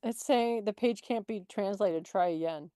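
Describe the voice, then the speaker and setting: Easygoing female co-host, mid pitch, dry close mic, quick to laugh. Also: dark tone, no echo. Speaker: podcast co-host. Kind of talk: casual chat.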